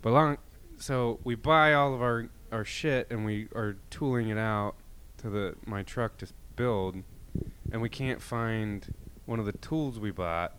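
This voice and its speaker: A man's voice: lowish voice, unhurried, fairly bright tone, a little hiss or hum. A man co-hosting a podcast, telling rambling stories in casual, profane chat with many restarts. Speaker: podcast co-host.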